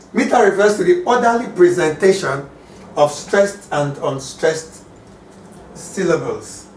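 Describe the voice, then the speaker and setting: A man teaching a lesson on poetry, slow and deliberate, repeating key points for his students. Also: a little high. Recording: echoey room, distant mic, faint hiss.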